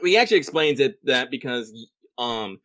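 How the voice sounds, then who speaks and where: A man co-hosting a casual podcast, talking in a relaxed way and chiming in with short agreements. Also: medium pitch, normal speed, dry recording, studio quality. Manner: relaxed, laughs, brief agreeing interjections. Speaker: podcast co-host.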